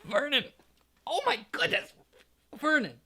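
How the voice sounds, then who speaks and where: A man doing a shrill quivering aunt. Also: sing-song, unhurried, a bit bright, exaggerated voice. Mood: panicked. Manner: quivering, fretful. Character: high-strung frightened aunt, shrill woman.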